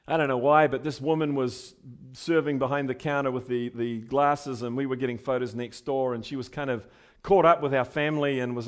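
A male pastor preaching a sermon in a conversational way, building to emphatic points and then dropping quiet. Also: medium pitch.

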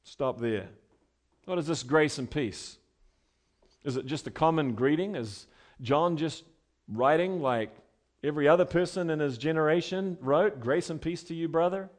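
A male pastor preaching a sermon in a conversational way, building to emphatic points and then dropping quiet. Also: fairly high pitch, animated, measured pace, pauses often.

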